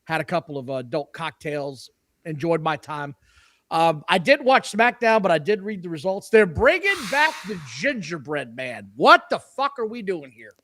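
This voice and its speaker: A man's voice: a little high, very animated, normal speed, sharp tone, no room sound. A man co-hosting a podcast in casual chat, joking and profane, laughing often. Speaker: podcast co-host.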